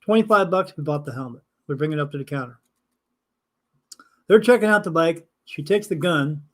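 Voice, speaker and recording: An older man, a spirit medium hosting a live stream, telling a casual anecdote in an animated way, acting out the dialogue and swearing now and then. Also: a little high, normal speed.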